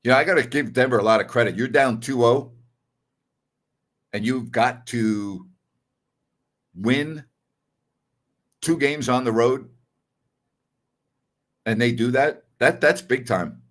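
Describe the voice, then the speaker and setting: A male sports talk host with a middle-pitched voice riffs on last night's games, blunt and opinionated. He talks casually, repeats his points for emphasis and sometimes walks back what he just said. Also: takes it slowly, pauses often, fairly bright tone. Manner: conversational, with fillers and self-corrections.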